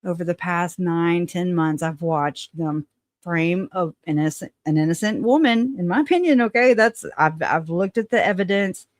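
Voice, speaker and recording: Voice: mid-range voice, moderate pace, no echo. A livestream host chatting casually and bluntly, reading out viewer comments, swearing and laughing often.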